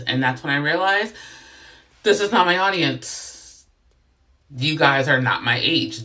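A woman's voice: deep voice, fairly bright tone. A woman in her thirties ranting straight to the camera, blunt and profane, with a self-deprecating edge. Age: 30s. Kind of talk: direct-to-camera rant.

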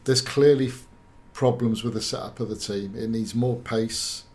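A man giving his opinion as a pundit in casual discussion, halting and searching for his words. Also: fairly low pitch, fairly even intonation, a little mellow.

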